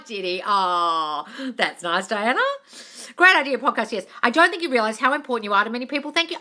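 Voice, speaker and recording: A woman with a bright, clear voice chats casually through a live question-and-answer stream, reading viewer comments aloud as she goes. She answers affectionately and keeps repeating her points for emphasis. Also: a little high, lively intonation, brisk. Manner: repetitive, affectionate, calls viewers darling.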